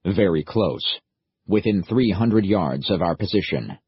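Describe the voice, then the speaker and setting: Huge calm cyborg guard played by a male narrator, deep husky monotone, audiobook. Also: measured pace, no room sound, muffled recording, exaggerated voice. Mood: flat. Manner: flat, clipped machine-like statements. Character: massive calm male cyborg support unit.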